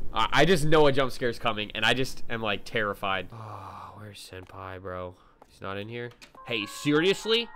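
Jumpy, bright-voiced man narrating a game. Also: mid-range voice, slight background noise. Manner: excitable, jumpy exclamations and slangy asides. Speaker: gaming video creator. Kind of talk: let's play commentary to chat.

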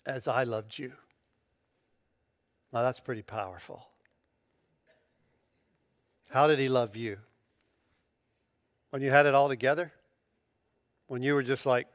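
Preaching with slang and emphasis, a man serving as pastor keeps things conversational, often restarting his phrases and rising sharply when worked up. His voice sits in the mid range, with no room sound.

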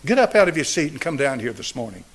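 A man in his seventies preaching a sermon and altar call, driving points home through repetition and swinging between raised and hushed delivery. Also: medium pitch, very animated, fast. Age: 70s. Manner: emphatic, repetitive preaching cadence. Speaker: pastor.

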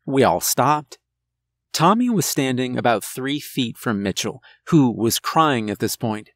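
Slow-paced man narrating a horror story. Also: medium pitch, animated, fairly bright tone, dry recording. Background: faint music.

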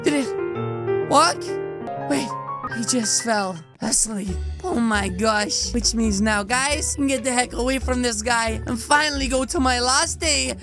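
A woman hosting a role-play gameplay video, chatty and excitable, calling viewers guys. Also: a little high, a little slow. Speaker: gaming video host. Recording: game music behind.

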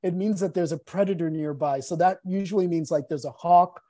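A woman speaks as a panel guest. She tells her stories in an animated, playful way. Her voice is warm and mellow, and the sound is close and dry. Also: lowish voice, brisk, dry recording. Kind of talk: live panel conversation.

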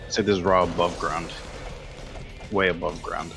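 A man making slow, drawling joking remarks while playing a video game with friends on a stream. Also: low voice, little pitch movement, gravelly, over music. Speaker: gamer on stream. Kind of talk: casual gaming chat.

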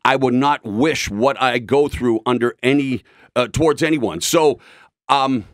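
A man's voice: mid-range voice, unhurried, no room sound, clean studio sound. A middle-aged man talking candidly as an interview guest, intense and rambling with frequent restarts. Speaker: guest, broadcaster.

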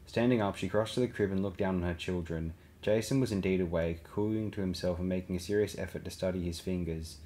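A man reading a novel aloud as an audiobook narrator, in a steady, even way. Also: low-pitched, slight background noise. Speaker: audiobook reader.

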